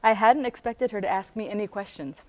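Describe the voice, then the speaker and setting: A woman from the United States reads from her own book to a small group, then drifts into casual asides. Her delivery is animated and she laughs often. She talks at an ordinary middle pitch. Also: brisk. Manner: animated, laughs often, breaks off into chatty tangents. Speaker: book club host reading her own book aloud. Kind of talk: reading aloud with casual asides.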